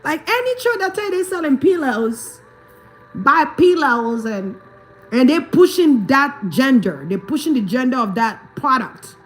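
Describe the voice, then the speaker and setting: A woman from Africa with a high voice speaks casually to her livestream audience. She hammers her points home through repetition, checks that listeners follow, and breaks into laughter often. Faint music plays behind her. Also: sing-song, unhurried. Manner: emphatic, repeats points, asks if the listener understands; laughs often while talking. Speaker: livestreamer and spiritual reader.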